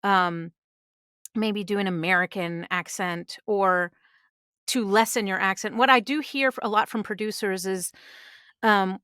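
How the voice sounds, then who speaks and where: A middle-aged woman speaks as a guest on a podcast with earnest conviction, pressing her points with emphasis. Her voice is smooth and resonant. The sound is close and dry. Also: mid-range voice, fairly even intonation, unhurried, bright, forceful tone, no room sound. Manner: earnest, emphatic advice-giving. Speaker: voice actress guest. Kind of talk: conversational interview. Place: podcast studio.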